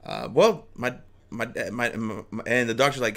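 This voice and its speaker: Low-voiced man telling a rambling story. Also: brisk, fairly bright tone. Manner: rambling, with restarts and chuckles. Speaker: speaker telling a personal story. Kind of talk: casual storytelling.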